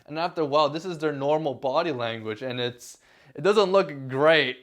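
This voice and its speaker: Young male vlogger, casual and filler-heavy, slightly high voice. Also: moderate pace. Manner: laid-back, filler-heavy, repeats words. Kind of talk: casual talk to camera.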